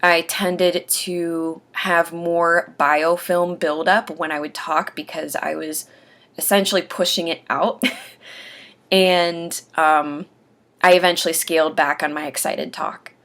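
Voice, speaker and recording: A woman talking earnestly about getting used to dentures, pausing between phrases as she gives advice. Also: lowish voice, flat delivery, a bit bright. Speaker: host sharing denture aftercare advice. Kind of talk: casual instructional talk.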